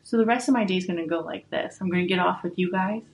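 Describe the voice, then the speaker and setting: A young adult woman hosting a casual solo podcast from home, blunt, swearing freely and talking in an animated, chatty way. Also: lowish voice, fast talker, rough recording. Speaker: podcast host. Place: home with dogs.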